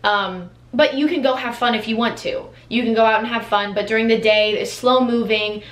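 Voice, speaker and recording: An American vlogger whose voice sits on the high side and sounds a bit bright speaks to camera at a moderate pace. She's casual and enthusiastic, restarting often and using many fillers, in an echoey room.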